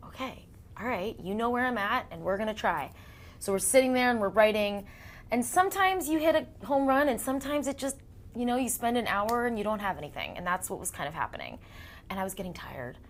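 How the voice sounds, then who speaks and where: Animated woman telling stories. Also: mid-range voice. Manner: animated storyteller, acts out quotes, laughs often. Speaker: interviewee, singer-songwriter. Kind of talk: casual interview storytelling.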